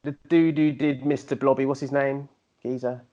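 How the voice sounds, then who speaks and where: A man, co-hosting a podcast and telling animated, slangy stories in casual chat. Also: mid-range voice, moderate pace, muffled recording. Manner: animated storyteller, slangy, slips into put-on MC voices. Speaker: podcast co-host.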